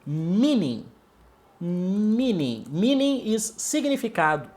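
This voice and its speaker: A man with a Brazilian Portuguese accent gives a one-on-one English lesson. His pitch rises and falls in a lively way as he repeats key words. He keeps checking in with the student. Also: slow pace. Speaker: English teacher.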